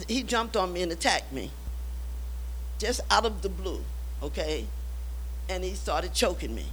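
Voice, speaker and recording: A woman's voice: medium pitch, a bit bright, slight background noise, poor audio. An older woman giving an emotional church testimony, emphatic and repeating key lines to urge her listeners.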